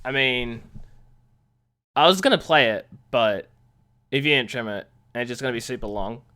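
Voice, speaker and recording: A woman's voice: rumbling low, normal speed, a bit bright. A woman streamer chatting casually, stammering and mocking herself with minced swears.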